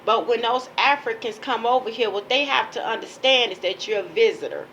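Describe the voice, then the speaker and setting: Woman from chicago ranting to camera, lecturing and repeating herself, bright high-ish voice, faint hum behind. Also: a little fast, muffled recording. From Chicago, USA. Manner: emphatic, lecturing, repeats phrases. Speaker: page owner. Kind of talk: ranting monologue.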